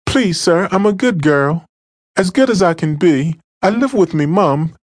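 A man's voice: sits high, lively intonation, unhurried, no room sound, studio quality, pitched above the performer's own voice. A man playing a whimpering young girl. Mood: pleading. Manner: pleading, whimpering. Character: frightened young London streetwalker girl.

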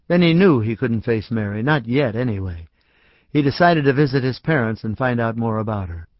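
A man reading a short story aloud as audiobook narrator, calm and even. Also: mid-range voice, no room sound. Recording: dry, slightly dull audiobook recording.

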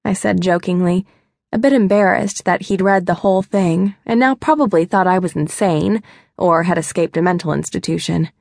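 A woman's voice: lowish voice, moderate pace, gravelly, a little mellow, no echo, studio quality. A young woman narrating a first-person romance audiobook in a wry, chatty, self-mocking way. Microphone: close studio mic.

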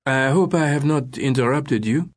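A deferential hotel concierge with a French accent, pitched well up and pressing in a hushed, urgent tone, as an audiobook narrator puts him on. He keeps apologizing while pushing his point. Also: normal speed, close to an everyday voice. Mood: apologetic. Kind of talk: audiobook character voice.

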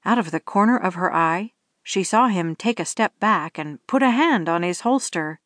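A woman narrating a romance audiobook in a steady storytelling manner. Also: a little high, no echo, studio quality. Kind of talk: scripted narration.

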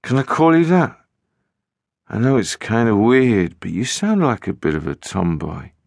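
A man's voice: mid-range voice, normal speed, gravelly, no room sound, clean studio sound. A man voicing a mysterious teenage boy on the phone in an audiobook, evasive and tetchy. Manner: evasive, flat insistence turning tetchy. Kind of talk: audiobook narration.

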